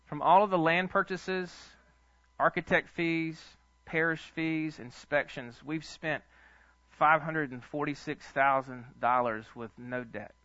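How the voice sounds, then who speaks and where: Bright-voiced pastor preaching. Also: male voice, on the high side, unhurried, no room sound. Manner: animated, chuckling storyteller. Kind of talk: storytelling sermon. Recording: dull lo-fi dry sound.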